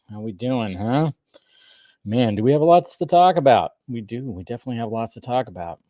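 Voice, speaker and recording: A man's voice: medium pitch, expressive, normal speed, warm tone, no echo, studio quality. A man hosting a casual live stream, chatting loosely with lots of fillers and greeting viewers by name.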